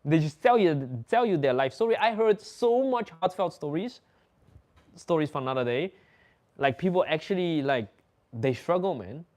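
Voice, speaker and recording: Animated Dutch man telling stories. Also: fairly high pitch, moderate pace. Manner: animated, laughs often, acts out other people's lines. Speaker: livestream host. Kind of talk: casual storytelling.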